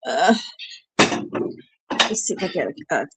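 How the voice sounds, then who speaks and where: A woman's voice: on the low side, very animated, measured pace, fairly bright tone, slight background noise. A tired woman venting on a stream in a casual, rambling way, full of fillers and restarts. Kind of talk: casual chat. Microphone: streaming setup.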